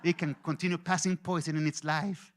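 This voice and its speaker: A man voicing a timid little snake in a spoken parable, talking softly and with wonder. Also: on the high side, level tone, a little fast, slight background noise, lightly acted. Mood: dreamy.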